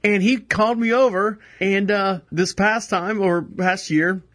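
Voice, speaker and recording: Man, high voice, casual podcast host, rambling and self-mocking, close studio mic. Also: fairly even intonation, measured pace, a bit bright. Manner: rambling, self-deprecating, laughs often. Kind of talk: casual live show monologue. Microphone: headphones with microphone close to face.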